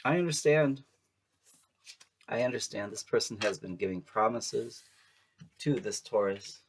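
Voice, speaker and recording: A man's voice: lowish voice, fairly even intonation, moderate pace, a little hiss or hum. A man giving a casual tarot reading to camera, chatty and playful, laughing often and making sassy asides. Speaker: tarot reader.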